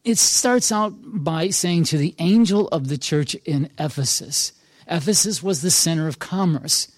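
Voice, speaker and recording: Male pastor, earnest encouraging sermon, emphatic repetitions, slightly high voice, dry close sound. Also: measured pace, no echo.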